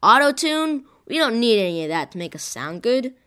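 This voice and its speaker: A woman voicing a blunt, gruff male jazz band leader who scolds in an exasperated way. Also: medium pitch, big pitch swings, moderate pace, pitched above the performer's own voice, close to an everyday voice.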